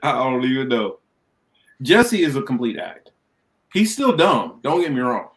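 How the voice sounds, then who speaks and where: A man's voice: mid-range voice, very animated, unhurried. A man co-hosting a podcast, giving joking, profane running commentary on video clips. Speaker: podcast co-host.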